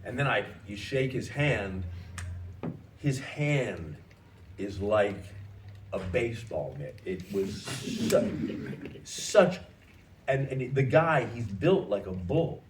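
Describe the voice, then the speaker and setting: A man in his sixties from the United States, a guest actor telling lively anecdotes at a festival Q&A, often restarting his sentences. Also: fairly low pitch, slow, long pauses. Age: 60s. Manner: animated anecdotes, frequent restarts. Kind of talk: festival Q&A storytelling. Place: festival event hall. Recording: echoey room, distant mic, faint noise.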